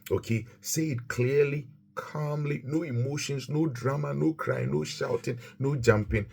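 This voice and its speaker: A man's voice: mid-range voice, normal speed, creaky, hardly any pauses, darkish tone, breathy edge. A man teaching a Christian lesson on marriage, emphatic and repetitive, quoting scripture as he preaches.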